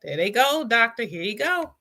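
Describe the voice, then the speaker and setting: A woman hosts a casual reaction show with a bright, forceful voice. She talks back to the clip in disbelief and scolds the people in it. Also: on the high side, sing-song, moderate pace. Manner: incredulous, scolding. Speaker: host.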